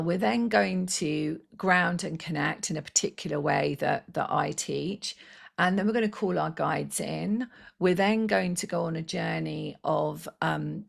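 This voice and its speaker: A woman leading a live online healing session as a spiritual guide, talking slowly and soothingly with fillers, and losing her voice. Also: low voice, vocal fry. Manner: soft, slow and soothing, with fillers. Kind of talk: guided meditation with live chat. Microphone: close microphone.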